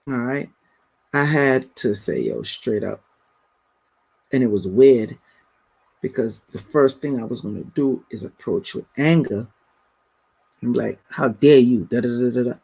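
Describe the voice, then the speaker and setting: Male livestream host, slow and husky, casual storytelling. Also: mid-range voice, a little mellow, low-quality recording. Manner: slow, storytelling, reads out viewer comments. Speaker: livestream host answering viewer questions. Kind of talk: casual spiritual livestream talk.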